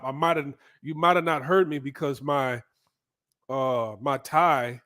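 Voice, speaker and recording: A man from the United States casually telling a story in an animated, profane way, often checking in with the listener. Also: a little high, unhurried. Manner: animated, profane, frequent "right?" asides. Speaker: vlogger.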